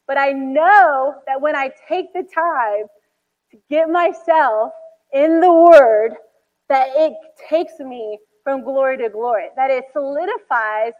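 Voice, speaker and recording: A woman's voice: sits high, slow pace. A woman in her thirties preaching a sermon, telling stories animatedly with acted-out quotes and many "like"s. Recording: dull hall recording.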